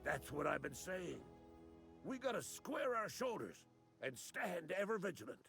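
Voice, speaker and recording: A man's voice: sits high, sing-song, a little slow, creaky, a bit bright, faint music behind, full character voice. An actor playing a paranoid frontier townsman who preaches urgent warnings about a coming robot uprising. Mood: paranoid ranting.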